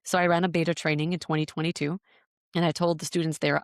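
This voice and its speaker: A breathwork teacher appears as a podcast guest, her low voice delivered flatly and quickly. She recounts her story in an earnest, searching way, often repeating words while she thinks, in a reflective interview. The studio-quality recording has no room sound.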